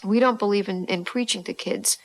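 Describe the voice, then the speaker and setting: A woman's voice: mid-range voice, fairly quick, vocal fry, poor audio. Earnest woman stressing her point. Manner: earnest, emphatic. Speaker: parent organizer. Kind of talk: interview answer.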